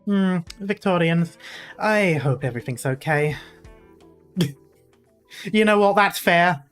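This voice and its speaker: Giggly British streamer, slow asides. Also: medium pitch, lively intonation, soft background music. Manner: giggly, self-mocking asides. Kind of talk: casual stream chat while reading a game story.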